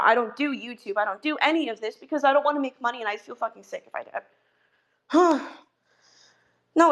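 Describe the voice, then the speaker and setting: High-voiced woman ranting, fed up. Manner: heated, profane, exasperated. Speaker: online commentator. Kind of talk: callout rant.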